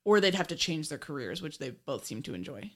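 A woman's voice: deep voice, sing-song, a little fast. A woman co-hosting a podcast, chatting casually about an old film, laughing often and swearing now and then. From Ireland. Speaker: podcast co-host.

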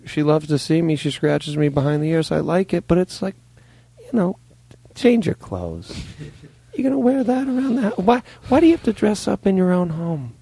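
A man voicing a pet dog who grumbles in a low, deadpan way about how his owners dress. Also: creaky, dry recording. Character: fussy male pet dog, judging his owners' clothes.

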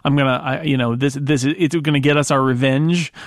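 A man co-hosting a casual film podcast, chatting about scenes and shouting at the screen in retellings. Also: medium pitch, steady tone, fairly quick, dry recording, clean studio sound. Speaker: podcast co-host. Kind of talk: casual movie discussion.

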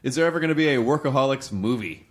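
A man's voice: medium pitch, expressive, fast talker. A man hosting a casual comedic interview, joking and rambling, often stumbling over his words. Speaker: podcast host.

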